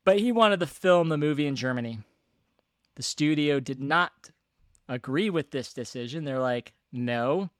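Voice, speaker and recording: A man co-hosting a casual movie podcast, calmly explaining a film's production history. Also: a little high, smooth, dry recording, studio quality. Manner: relaxed, explaining film history. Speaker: podcast co-host.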